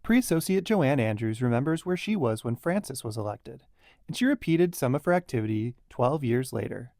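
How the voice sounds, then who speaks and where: A man hosting a podcast, reading scripted narration in a measured way. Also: medium pitch, expressive, gravelly, a little mellow. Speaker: podcast host.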